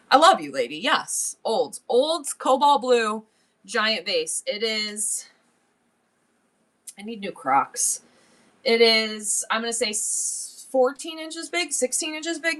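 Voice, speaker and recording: A woman's voice: on the high side, a bit bright. A woman in her forties, chatting casually on a live-stream sale, rambling and laughing often as she shows antiques.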